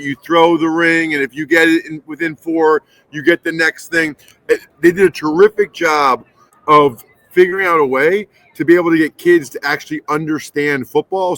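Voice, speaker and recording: A middle-aged man, a guest on a sports podcast, chatting casually and telling stories in a relaxed way. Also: a little high. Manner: relaxed, storytelling. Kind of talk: casual chat.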